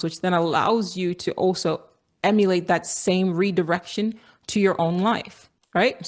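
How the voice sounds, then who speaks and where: An earnest woman from Nigeria with a somewhat low voice, telling a story in a reflective monologue. She circles back to the same phrases for emphasis and drops the odd casual swear word. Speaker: vlogger. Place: outdoors on a walk.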